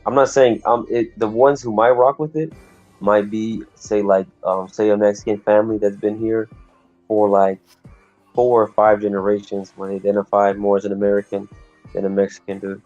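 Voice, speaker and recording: A man's voice: on the low side, level tone, normal speed, darkish tone, dry recording, soft background music. A man chatting casually in a slangy, laid-back way, tacking "bro" onto his phrases. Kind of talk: casual chat. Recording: dull lo-fi audio.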